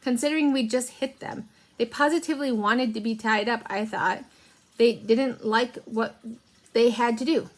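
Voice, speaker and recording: A woman's voice: a little high, moderate pace, natural voice. A level-headed male philosopher reasons things out in an explaining tone, as a woman reads him aloud. He speaks steadily and a little wordily, as in a storybook. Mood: reasoning.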